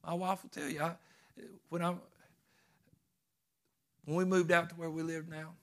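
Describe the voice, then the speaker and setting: A man's voice: on the high side, flat delivery, normal speed. A middle-aged man, preaching a sermon in a folksy storytelling way that swells when he stresses a point. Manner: folksy storytelling with rising emphasis. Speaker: pastor.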